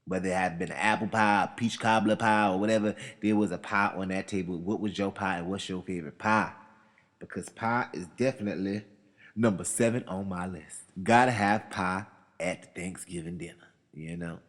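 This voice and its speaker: A man hosting a countdown show, talking in an animated, chatty way, repeating phrases and asking his audience questions. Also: low voice, fairly quick, long reverb tail. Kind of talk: casual opinionated countdown monologue.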